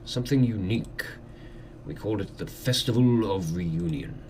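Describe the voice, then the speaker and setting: A man voicing a formal male lord of a manor, speaking slowly in a measured, courtly way. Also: lowish voice, darkish tone, a little hiss or hum, voice pushed down, close to an everyday voice. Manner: slow, measured, courtly speech.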